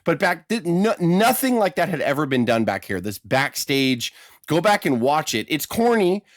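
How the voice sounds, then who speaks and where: A man's voice: on the high side, normal speed, dry recording. A man co-hosting a podcast in casual chat, with a voice that rises and falls a great deal as he tells his stories. He swears freely, and the dry, close recording carries no room sound. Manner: animated, profane storyteller. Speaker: podcast co-host.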